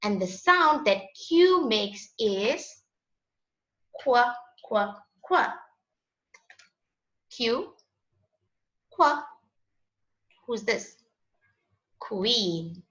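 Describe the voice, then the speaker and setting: A woman's voice: on the high side, big pitch swings, extremely slow, long pauses, a bit bright. A woman teaching a children's phonics lesson in a patient, sing-song voice. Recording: echoey, dull lo-fi room sound.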